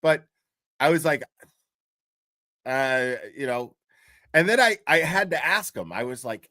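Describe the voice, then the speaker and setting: A man's voice: a little high, lively intonation, unhurried, pauses often, bright, forceful tone, dry recording. A man hosting a livestream and telling a story in a loose, rambling, profane way, with restarts and bursts of laughter. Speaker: livestream host. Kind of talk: casual livestream commentary.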